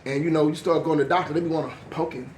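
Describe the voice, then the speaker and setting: A man in his fifties doing stand-up comedy, telling stories in an animated way, laughing through his punchlines and acting out the people in them. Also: on the high side, rapid-fire, reverberant, a little hiss or hum. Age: 50s.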